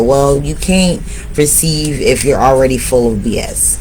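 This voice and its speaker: A man's voice: mid-range voice, fairly even intonation, moderate pace, darkish tone, slight background noise, rough recording. Motivational male tarot reader. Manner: motivational, addresses viewers directly. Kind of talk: spiritual tarot reading to viewers.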